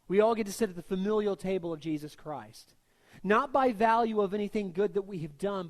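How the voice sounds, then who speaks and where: A man preaching a sermon in a conversational, joking way, reading scripture and slipping into quick voiced asides. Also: fairly high pitch, a little mellow. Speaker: pastor.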